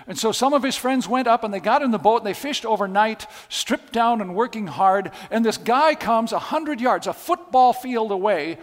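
A man's voice: high-pitched, animated, normal speed. A man preaching a sermon, telling stories with emphatic, repeated phrases. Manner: storytelling, emphatic and repetitive. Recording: long hall reverb.

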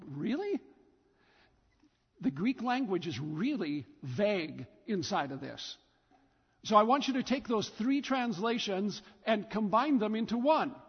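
A man's voice: high-pitched, breathy edge. A man preaching a sermon in a church, telling the story emphatically with lots of repetition. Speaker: pastor. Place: church sanctuary. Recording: dull recording with long church reverb.

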